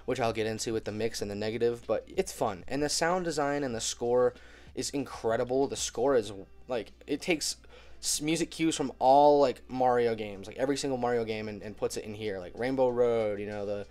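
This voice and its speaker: A man's voice: mid-range voice, fairly quick, a little mellow. A young man with a cold talking casually in a movie review vlog, chatty, filling his talk with "like" and laughing easily. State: getting over a cold.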